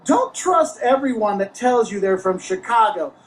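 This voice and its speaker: A man co-hosting a casual travel chat, giving measured, explanatory tips. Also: sits high, big pitch swings, noisy background. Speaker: co-host.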